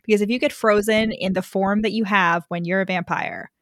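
A woman co-hosting a podcast, retelling a story in a profane, animated way with frequent laughs. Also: medium pitch, a little fast, no room sound, clean studio sound. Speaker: podcast co-host. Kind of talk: casual chat.

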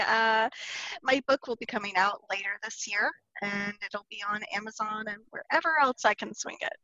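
Laid-back woman guest on lo-fi line. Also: mid-range voice. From South Georgia. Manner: relaxed, laughs easily. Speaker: guest author. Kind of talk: casual podcast chat. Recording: dull lo-fi sound.

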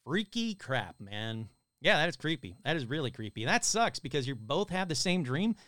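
Guy hosting a stream reading creepy stories, jokey asides, super animated voice, dry close sound. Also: a little high, normal speed, no room sound. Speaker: host reading listener stories. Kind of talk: live-stream story reading with chat.

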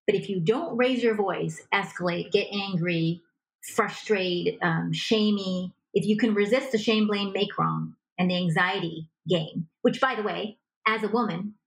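A woman coaching on relationships as a guest in an interview, lively and acting out example dialogue as she explains. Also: mid-range voice, a little slow, creaky, poor audio. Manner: animated, acts out example dialogue. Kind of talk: conversational advice in a podcast interview.

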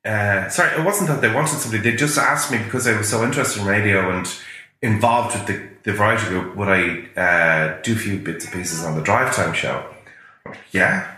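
A man who is a guest in a casual interview, wandering through long anecdotes as he talks. His voice is bright and sits a little low. The room around him is very echoey. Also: a little fast. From Ireland. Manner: rambling, anecdotal storytelling.

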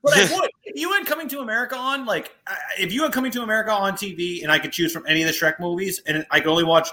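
A man's voice: high voice, rapid-fire, pushed and bright. A man co-hosting a casual sports podcast, bantering in a joking, playful way. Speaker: podcast co-host.

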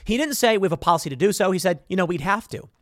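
A man's voice: high voice, animated, very fast, no echo, studio quality. A man hosting a political commentary show, reading headlines aloud and mocking them with sarcastic emphasis.

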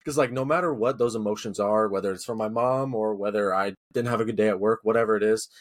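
A man speaks in an unhurried, heartfelt podcast chat. His voice is a little low and he circles around his point, leaning on fillers as he goes. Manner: rambling and earnest, many fillers like "you know". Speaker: podcast co-host. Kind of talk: casual chat.

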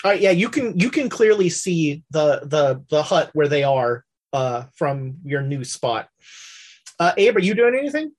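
A woman narrating a tabletop western role-play as game master, halting and full of fillers. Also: low voice, very animated, a little mellow.

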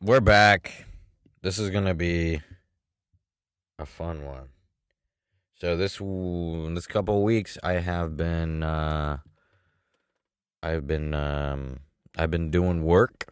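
Low-voiced rambling young man. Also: fairly even intonation, slow pace, long pauses, a little mellow, smooth, no room sound, studio quality. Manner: rambling, full of fillers and restarts. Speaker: vlogger. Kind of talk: casual rambling monologue.

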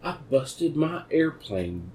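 A man's voice: a little high, takes it slowly, breathy edge. A man telling rambling, profane stories in a casual podcast chat. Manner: rambling, profane, animated storyteller.

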